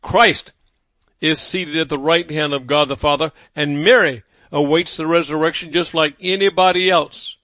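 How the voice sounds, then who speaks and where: A man preaching a sermon, emphatic, repeating phrases for effect and swinging between loud declarations and hushed, low passages. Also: fairly even intonation, normal speed, dry recording.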